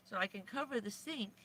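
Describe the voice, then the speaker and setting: Slow, rambling woman chatting in her van. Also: mid-range voice, background noise. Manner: rambling, chatty, giggly, with many fillers. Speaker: van-life livestreamer. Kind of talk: casual livestream chat. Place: inside a small camper van.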